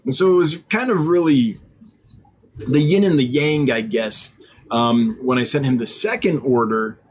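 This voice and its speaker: A man's voice: medium pitch, a little slow, slightly rough. A middle-aged man hosting his weekly live stream as an online fish seller, chatting casually and rambling with fillers and asides.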